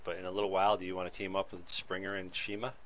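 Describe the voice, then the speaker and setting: A man in his forties streaming a game with his son, excitable and laughing, thanking viewers by name. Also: low voice, rapid-fire. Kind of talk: casual game-stream chat.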